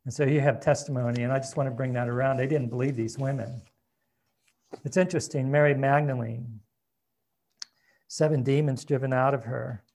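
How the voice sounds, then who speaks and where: A man preaching a sermon in a conversational way, reading scripture aloud and dropping to a soft, hushed voice at tender moments. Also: medium pitch, steady tone, fairly quick, long pauses. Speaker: pastor.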